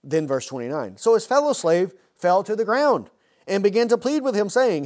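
A man's voice: sits high, very animated, moderate pace, darkish tone. A man preaching an expository sermon, earnest and full of rhetorical questions.

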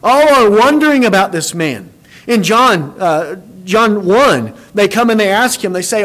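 A man preaching a sermon, animated, acting out quoted dialogue and often repeating words as he starts a phrase. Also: sits high, a little slow.

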